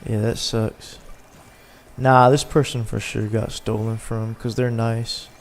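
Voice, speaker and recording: A man's voice: lowish voice, level tone, takes it slowly. A man hosting a casual gaming livestream, chatting loosely with his viewers while he plays. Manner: laid-back, chatting with viewers while playing. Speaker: livestream host.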